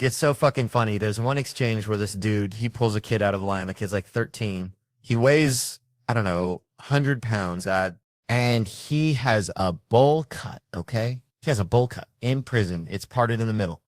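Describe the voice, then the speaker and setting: A man with a Southern US accent telling a profane comic story, acting out the characters with sudden jumps in pitch and loudness. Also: normal speed, no room sound, studio quality. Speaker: comedian storyteller. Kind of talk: casual storytelling.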